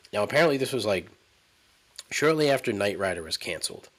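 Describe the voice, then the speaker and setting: A man's voice: fairly low pitch, sing-song, normal speed, a bit bright. A man hosting a solo podcast, telling a story in a rambling, profane, incredulous way. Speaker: podcast host. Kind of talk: casual solo monologue.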